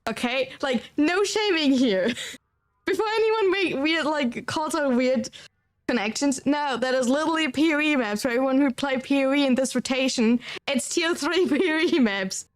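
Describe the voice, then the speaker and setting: A woman's voice: high voice, normal speed. A woman from Germany with a German accent, streaming and chatting casually, rambling and filling her talk with "like" as she answers chat. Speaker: livestreamer.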